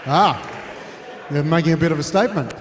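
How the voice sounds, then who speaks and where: Hosting an awards night, a man delivers chatty, loose emcee patter full of fillers, his voice fairly high and his speed normal. The sound is echoey, from a large reverberant event hall with the audience behind him.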